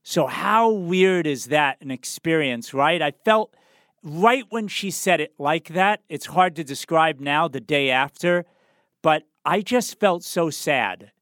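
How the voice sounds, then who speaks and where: A man's voice: fairly high pitch, slow pace, fairly bright tone, no room sound, clean studio sound. A man hosting a health podcast, telling a personal story in an earnest, conversational way. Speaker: podcast host.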